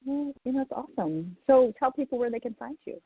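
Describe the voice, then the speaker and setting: A woman's voice: fairly high pitch, expressive, fast talker, husky, no room sound. A woman hosting a podcast, chatting casually with a guest, laughing often and using lots of fillers. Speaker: podcast host and psychic reader. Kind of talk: casual interview chat. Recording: tinny phone-like sound.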